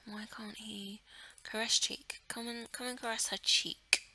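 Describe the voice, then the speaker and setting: Bright-voiced giggly woman gaming. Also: on the high side, fairly even intonation, measured pace, low-quality recording. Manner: chatty, giggly, thinks aloud; drops into murmurs and whispers. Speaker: let's play host. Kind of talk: casual gameplay commentary.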